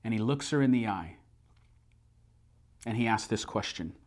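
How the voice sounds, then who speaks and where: A man preaching a sermon, earnest and building to emphatic repeated phrases, slowing down to recite a creed. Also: lowish voice, lively intonation, a little mellow. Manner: slows down to recite a memorized creed. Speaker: pastor.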